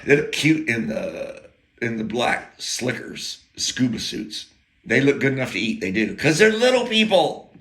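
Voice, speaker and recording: A man's voice: mid-range voice, unhurried, vocal fry, fairly bright tone. An American man telling a rambling, profane story in a casual monologue, full of jokey asides and broken-off sentences. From United States.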